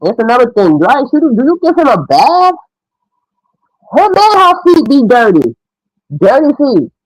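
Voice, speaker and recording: A woman's voice: high voice, sing-song, moderate pace, no echo, low-quality recording. A middle-aged woman giving frank, opinionated casual commentary as a mother.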